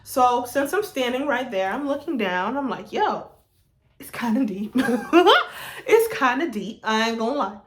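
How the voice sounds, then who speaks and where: A young woman telling a casual storytime to her camera, animated and laughing through it. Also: a little high, a little slow. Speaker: vlogger. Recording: roomy echo.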